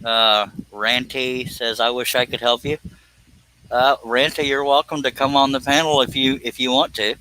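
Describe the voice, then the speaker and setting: While working on a casual live stream, a man who designs scroll saw patterns rambles, jokes folksily, and exclaims "by God." His mid-range voice is fairly even and forceful with a bright tone at normal speed, captured in a low-quality recording.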